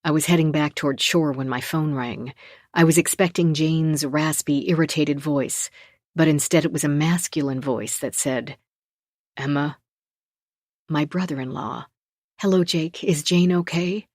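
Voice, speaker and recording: A woman narrating a first-person thriller audiobook in a measured, low-key, tense voice, recorded close in a studio booth. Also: steady tone, a little mellow, no echo. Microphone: close studio mic.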